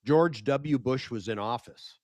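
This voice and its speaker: An older American man, appearing as a media expert guest in a casual interview, tells lively stories and acts out quoted exchanges. His voice is medium-pitched and unhurried, with no room sound.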